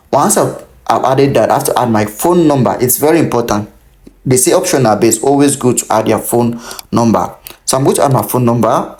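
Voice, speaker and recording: A man in his thirties from Cameroon talks a viewer through an online application one field at a time. His voice sits at a middle pitch, and he keeps stopping to warn that every detail must be entered correctly. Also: a little mellow. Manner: instructive, repeats warnings to pay attention. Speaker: tutorial host. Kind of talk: screen-recorded how-to walkthrough.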